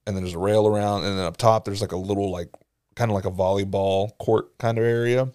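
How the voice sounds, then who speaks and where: A man's voice: on the low side, fairly even intonation, fast, a little mellow, smooth. A man co-hosting a podcast, telling crude, profane school stories in casual chat and laughing as he goes. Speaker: podcast co-host.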